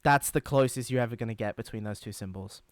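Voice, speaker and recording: A young man co-hosting a casual podcast, telling stories in an animated, indignant way. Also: medium pitch, fast talker, crowd noise. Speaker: podcast co-host.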